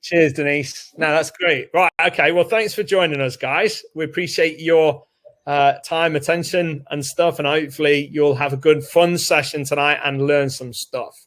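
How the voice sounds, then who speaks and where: A man's voice: on the high side, steady tone, normal speed, a bit bright. A British man co-hosting a live webinar from home, chatting casually and upbeat while greeting viewers by name. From United Kingdom. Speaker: co-host of a live training webinar. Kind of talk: casual live-stream chat. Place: home room with doors open.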